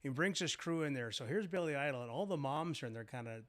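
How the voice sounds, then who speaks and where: A man's voice: on the high side, animated, fast, fairly bright tone. An older man, a guest on a talk show, reminiscing about his restaurant in rambling stories full of "uh" and "you know.". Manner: rambling reminiscing storyteller with many fillers. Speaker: guest, former restaurant owner. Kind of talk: casual interview chat.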